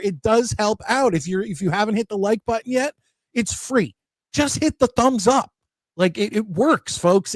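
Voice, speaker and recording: A man hosting a live sports talk show, chatty and excited, reading viewer comments aloud. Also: high-pitched, no echo. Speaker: host.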